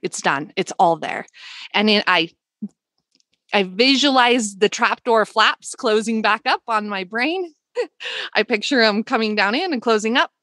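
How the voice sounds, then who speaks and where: A woman's voice: fairly high pitch, expressive, measured pace, dry recording. A woman hosting a spiritual podcast, talking earnestly and emotionally, with many casual fillers. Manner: earnest, emotional, soft-spoken with frequent "like" fillers. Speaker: podcast host.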